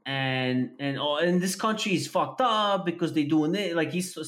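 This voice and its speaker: A man with a fairly high voice talks at normal speed in casual podcast chat. He tells a story full of swearing, animatedly playing both sides of a quoted conversation.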